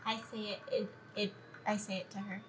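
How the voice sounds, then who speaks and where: A woman's voice: mid-range voice, little pitch movement, a little fast, fairly bright tone, a little hiss or hum. A woman playing a tabletop game, hesitant and asking polite questions. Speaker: player. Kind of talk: casual tabletop play.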